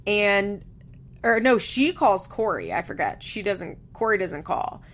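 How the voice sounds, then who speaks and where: A woman's voice: medium pitch, big pitch swings, measured pace. Chatty young woman recapping TV. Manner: chatty, opinionated, laughs often, lots of "like". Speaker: podcast host recapping a reality show. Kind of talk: casual recap chat.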